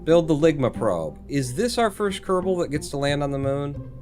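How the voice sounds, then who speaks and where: A man's voice: a little high, very animated, moderate pace, a little mellow, faint music behind. A man live-streaming a space game, thinking aloud, reading chat and swearing casually.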